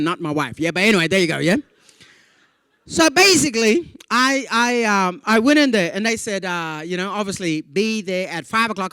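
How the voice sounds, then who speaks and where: A fairly high-voiced Australian man performs stand-up storytelling as a conference keynote for a live crowd. Jumpy and animated, he acts out the people in his anecdotes with playful voices and keeps checking in with "yeah?" and "you know." The recording is dry and close.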